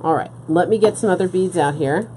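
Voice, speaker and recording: With a fairly low, mellow voice and a brisk pace, a woman hosts a live beading stream at her work table, over slight background noise. She explains each step patiently, often pausing to ask "okay?"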